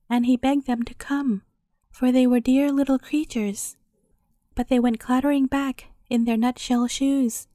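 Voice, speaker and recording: A woman reading a bedtime fairy tale aloud in calm, scripted storybook narration. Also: on the high side, no room sound, studio quality.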